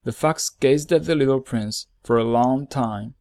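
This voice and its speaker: A man's voice: medium pitch, measured pace, a little mellow, no room sound, studio quality. Man reading a storybook aloud. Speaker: narrator.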